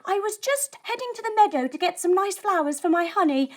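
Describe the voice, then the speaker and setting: A woman voicing a small, polite boy bee in a children's yoga story, talking quickly and eagerly. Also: extremely high pitch, lively intonation, voice pushed up.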